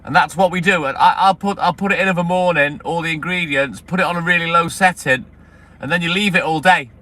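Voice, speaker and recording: A man's voice: on the high side, brisk, sharp tone. A chatty, friendly man on his milk round, rambling casually to live viewers. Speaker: milkman streamer. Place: outdoors by a vehicle on a milk round. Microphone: phone. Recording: noisy outdoor phone stream. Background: street and vehicle noise.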